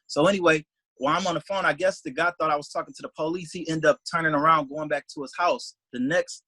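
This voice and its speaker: A young man rattles through a story at high speed, his voice bright and forward with a husky edge. He rambles and leans on "like", slipping into the voices of the people he quotes. The sound is dry and close. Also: quick pace, no echo, poor audio. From Detroit, USA. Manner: rambling, animated, heavy use of "like", acts out quoted speech. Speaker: interview guest, salesman. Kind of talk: casual storytelling in an interview.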